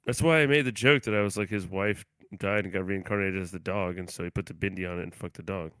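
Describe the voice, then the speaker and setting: A man's voice: low voice, steady tone, quick pace, fairly bright tone, clear, resonant tone, no echo. A young man co-hosting a podcast, telling stories in a loose, crude, slangy way with frequent laughter. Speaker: podcast co-host. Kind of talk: casual chat.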